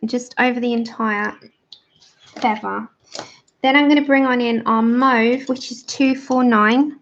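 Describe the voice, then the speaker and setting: An English woman hosts a livestream, chatting casually and explaining each step as she colours. Her voice is on the high side, fairly even in intonation, and unhurried, and the livestream audio is dull and lo-fi.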